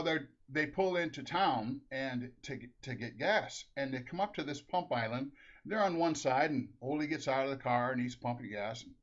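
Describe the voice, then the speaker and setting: A man's voice: medium pitch, a bit bright. A man from Minnesota telling comic jokes, chuckling often and restarting his phrases. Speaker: storyteller. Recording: dull lo-fi recording.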